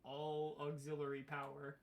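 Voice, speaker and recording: A woman's voice: low-pitched, monotone, moderate pace, a loud crowd. A woman narrating as game master of a tabletop role-playing game, often laughing as she describes events.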